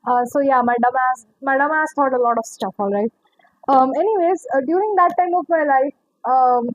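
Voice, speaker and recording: A young woman with a high voice talks through a tarot reading in a loose, rambling way, laughing often and swearing without a second thought. The recording is dry and a little dull, with no room sound around her. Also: no echo. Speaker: tarot reader. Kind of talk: casual tarot reading monologue.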